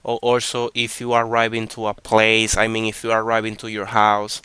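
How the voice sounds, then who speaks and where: A man gives a beginner language lesson in a low, bright, very clear voice. He talks slowly and patiently, repeating each point and checking in with his listeners. The sound is dry and close. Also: completely flat delivery, dry recording. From Dominican Republic. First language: Spanish. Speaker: Spanish teacher.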